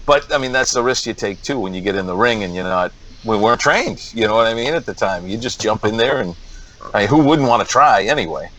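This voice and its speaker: A man co-hosting a podcast, explaining things in a calm, conversational way. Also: fairly low pitch, fast, poor audio. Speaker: podcast co-host. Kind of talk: casual podcast chat.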